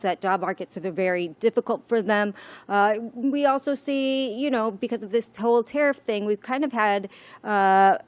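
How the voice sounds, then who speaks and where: A woman with a mid-pitched voice talks economics in a relaxed, casual way on a live show. Her voice sounds close and dry, with no room echo. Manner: casual, quick to laugh. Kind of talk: live market discussion.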